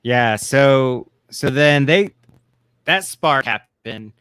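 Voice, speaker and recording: A man's voice: mid-range voice, expressive, very slow, a bit bright, smooth, dry recording. A man co-hosting a casual TV recap chat, rambling with many fillers and restarts. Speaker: co-host.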